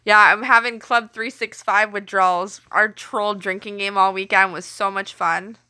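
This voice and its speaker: Bright-voiced Canadian woman chatting on a late-night stream. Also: mid-range voice, steady tone, moderate pace, smooth. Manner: chatty, laughs often, teasing chat viewers. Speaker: live streamer. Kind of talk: late-night casual live stream chat. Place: home kitchen at night.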